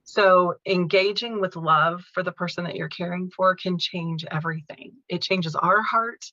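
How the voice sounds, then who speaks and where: Bright-toned woman, earnest gentle storyteller. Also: on the low side, fairly even intonation, normal speed, no echo, lo-fi sound. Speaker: podcast guest, caregiving author. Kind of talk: personal storytelling in an interview.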